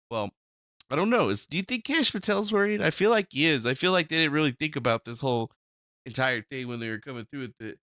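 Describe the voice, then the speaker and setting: A man hosting a live stream, chatting casually and rambling, with profane loud outbursts and mumbled asides to the chat. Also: fairly high pitch, clear, resonant tone, no echo, studio quality. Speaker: livestream host.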